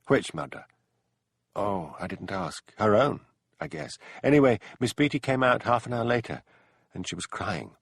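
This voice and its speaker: A man's voice: lowish voice, very animated, normal speed, vocal fry, husky, dry recording, full character voice. A man voicing a bouncy, wide-eyed young woman from London, eager and a little defensive.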